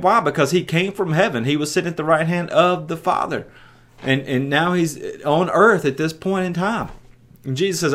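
A man's voice: a little high, moderate pace, fairly bright tone. A man preaching a sermon, reading scripture aloud and breaking in with emphatic, punchy asides, often stumbling over and repeating words. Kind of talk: sermon with Bible reading and commentary.

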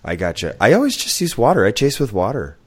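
A man co-hosting a podcast who is sick with a flu or cold, telling animated stories and laughing at himself. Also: medium pitch, fast, breathy edge, no room sound, faint music behind. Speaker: podcast co-host. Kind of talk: casual chat.

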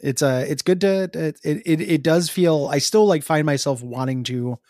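A man co-hosting a casual gaming podcast, talking in halting bursts with fillers, restarts and frequent laughs. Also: on the high side, darkish tone, dry recording, studio quality. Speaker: podcast co-host. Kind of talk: casual chat.

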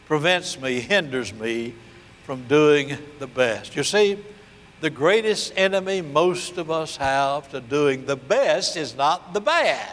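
Older male pastor, slightly high voice, storytelling sermon delivery, long church reverb. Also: lively intonation, a bit bright. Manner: storytelling preacher, acts out dialogue, slows for emphasis.

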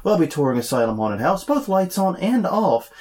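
Man with a cold, nasal and a little stuffy, slightly higher voice, joking podcast co-host who runs through listings fast. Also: big pitch swings, darkish tone. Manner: chatty and joking, reads listings briskly. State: congested from a cold. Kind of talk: casual podcast chat. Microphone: desk mic, no lavalier.

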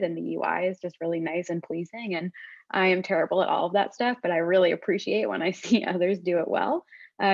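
An enthusiastic woman hosts a podcast, introducing her panel and guest with easy cheer. Her voice sits a little low for a woman. The audio is dull and lo-fi. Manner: upbeat, enthusiastic. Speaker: podcast host. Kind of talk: casual podcast chat.

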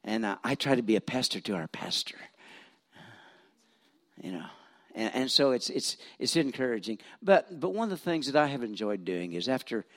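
A man's voice: mid-range voice, very animated, moderate pace. A retired pastor in his seventies from Missouri preaching in a church, telling stories with self-deprecating humor and frequent restarts. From Missouri, USA. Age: 70s. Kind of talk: folksy storytelling sermon.

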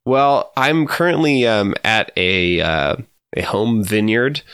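A man's voice: fairly low pitch, takes it slowly, a bit bright, clear, resonant tone, dry recording, studio quality. A man co-hosting a podcast in casual chat, hesitant with many fillers and giggles. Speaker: podcast co-host. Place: home vineyard, indoors.

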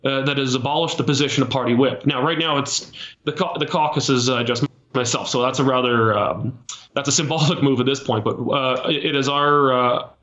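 A Canadian man leading a small political party, answering interview questions in a measured way with many fillers and restarts. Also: mid-range voice, steady tone, a bit bright, roomy sound, muffled recording.

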